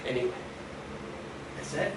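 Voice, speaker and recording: An actor playing Faust, a weary, volatile scholar who swings from hushed brooding to shouting outbursts in a live stage monologue. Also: male voice, normal speed, close to an everyday voice. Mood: heated, raving. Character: weary, volatile male scholar, driven and bitter. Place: small live performance venue. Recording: roomy, distant mic, ambient noise.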